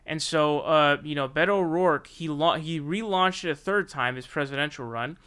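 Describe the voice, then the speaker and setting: A man's voice: on the high side, moderate pace, few pauses, fairly bright tone, clear, resonant tone. A young man hosting political commentary, ranting bluntly and profanely in slangy talk aimed straight at his target.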